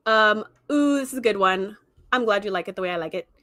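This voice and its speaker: A woman's voice: medium pitch, fast talker, fairly bright tone, no echo, studio quality. A woman hosting a livestream, chatting casually and acting out characters' lines as she retells an episode. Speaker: livestream host.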